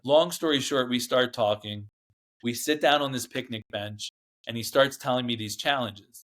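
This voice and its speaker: A man with a medium-pitched, slightly bright voice speaking at normal speed is a guest in a candid interview. He recounts his past in a rambling, emphatic way and often acts out what other people said.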